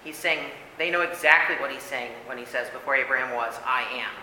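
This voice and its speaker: A man's voice: mid-range voice, brisk, pushed and bright. A man leading a casual church Bible study, talking emphatically with many fillers and "right?" tags. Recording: echoey hall with faint room noise.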